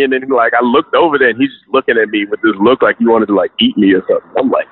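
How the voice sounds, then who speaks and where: A young man with a New York accent tells stories in a relaxed, profane way, full of street slang. His voice comes over a narrow, tinny line, like a phone call. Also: medium pitch, fast talker. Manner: profane, laid-back storytelling with slang. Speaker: guest. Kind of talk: casual interview.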